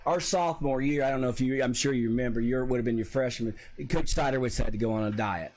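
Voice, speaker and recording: A man, a former high school football player, telling animated stories with a laugh as a guest on a porch talk show. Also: fast. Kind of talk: casual storytelling.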